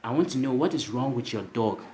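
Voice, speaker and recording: A man's voice: mid-range voice, lively intonation, brisk, a little mellow, a little hiss or hum, close to an everyday voice. A man voicing a concerned male neighbor, asking politely and earnestly in a storytelling aside.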